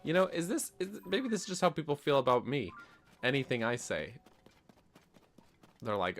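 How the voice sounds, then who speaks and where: Chatting casually over gameplay on stream, this man speaks at normal speed with frequent pauses in an expressive, mid-range, slightly bright voice. He pokes fun at word pronunciations and keeps laughing at himself.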